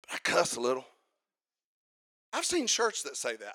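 A man preaching a sermon, fervent, building up to shouting and sing-song chanting. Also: medium pitch, huge pitch swings, normal speed, dry recording.

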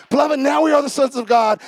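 A man preaching a sermon as pastor, swinging from quiet joking asides to shouted preaching and calling out to the congregation. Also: very high-pitched, no room sound. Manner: talks back and forth with the congregation. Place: church service.

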